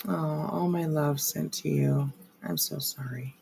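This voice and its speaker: Slow, gravelly-voiced woman streamer. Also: low-pitched, steady tone, mellow, a little hiss or hum. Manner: rambling, many fillers, frequent swearing. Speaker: live streamer. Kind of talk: casual livestream commentary.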